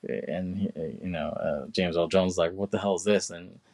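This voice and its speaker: A man with a fairly low voice chats casually on a podcast. He rambles through the story with lots of fillers and slips into quick imitations of the characters. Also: steady tone, vocal fry, darkish tone. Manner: rambling retelling, many fillers and put-on quotes. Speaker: podcast co-host. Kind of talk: casual chat.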